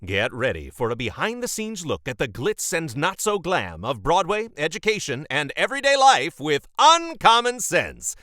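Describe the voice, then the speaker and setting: An announcer man with a bright, forceful tone that swoops widely from low to high as he reads the show's intro in a showy, theatrical way. The sound is dry and close, with no room around it. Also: huge pitch swings, moderate pace, hardly any pauses, no echo. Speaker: show announcer. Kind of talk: scripted promo intro.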